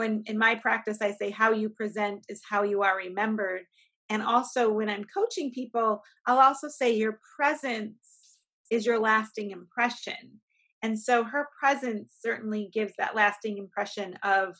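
A woman's voice: on the high side, fairly bright tone. A woman co-hosting a podcast as a coach, talking in an earnest, encouraging way and often repeating words. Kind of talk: casual podcast chat.

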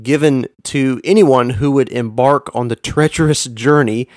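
An earnest male podcast host teaching in a direct, emphatic way, leaning hard on key words with sudden jumps in pitch. His voice sits in an ordinary middle register and sounds dry and close, with almost no room around it. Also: unhurried, no room sound. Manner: emphatic, stresses words with big pitch swings; earnest, addresses the listener directly.

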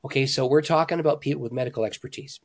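A man, a pastor and author, telling stories in an interview with animated emphasis, swinging between loud, excited lines and hushed ones. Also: medium pitch, very fast. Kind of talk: conversational storytelling.

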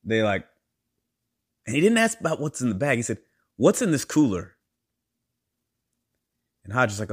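A man's voice: normal speed, long pauses, slightly rough. A man hosting a podcast, telling a story in a casual monologue and acting out the voices of the people in it. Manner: animated, acts out quoted voices with big pitch jumps. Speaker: podcast host.

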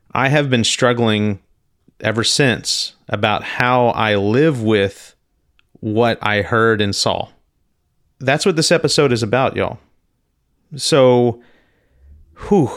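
A man with a fairly low voice tells a personal story on his podcast, stumbling and repeating words as he searches for what to say. He sounds earnest and moved. The recording is dry and close, with no room sound. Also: a bit bright, smooth, dry recording. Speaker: podcast host.

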